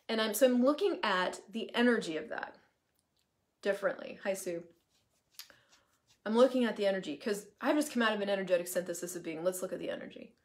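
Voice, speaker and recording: A woman hosting a casual live stream, talking in an animated way with the odd swear word and drifting into asides, in the middle of her usual pitch range. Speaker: host, coaching facilitator.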